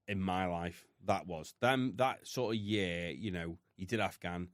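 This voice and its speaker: A British man with a very low, deep voice recounts his past candidly, swearing freely as he talks. The sound is close and dry, with no room around it. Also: a little slow, dry recording. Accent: British English. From United Kingdom. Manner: blunt, heavy swearing, emotional retelling. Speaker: podcast guest. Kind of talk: candid storytelling.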